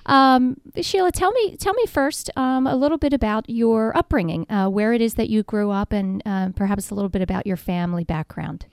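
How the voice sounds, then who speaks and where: Chatty Philly woman hosting radio talk, higher pitched, clean dry studio sound. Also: fairly quick, few pauses, smooth, no room sound. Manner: chatty, warm laughs, many ums. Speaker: radio show host. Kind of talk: radio interview.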